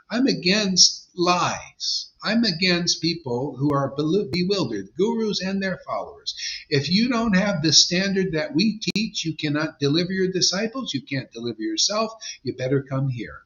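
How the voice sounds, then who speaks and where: Emphatic man preaching with lively pitch. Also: normal speed, lo-fi sound. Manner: emphatic, blunt, slangy. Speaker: spiritual teacher. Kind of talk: informal devotional sermon.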